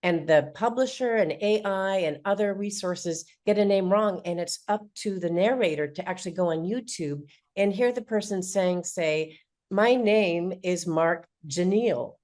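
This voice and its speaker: A woman's voice: mid-range voice, normal speed, few pauses, a little mellow. A woman in a panel discussion, telling anecdotes in a storytelling manner.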